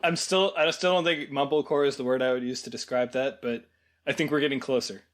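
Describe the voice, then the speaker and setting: A man in an easygoing podcast chat about a film, speaking in a measured way as he adds his own points and calmly disagrees. His pitch sits in an ordinary middle range. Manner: measured, adds points and gently pushes back. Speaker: podcast co-host.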